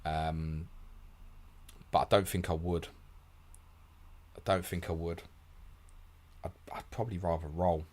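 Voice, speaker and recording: A man hosting a fast live Q&A, blunt and casual, calling listeners mate, with a sore throat and short of sleep. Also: low voice, level tone, a little mellow. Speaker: host answering viewer questions.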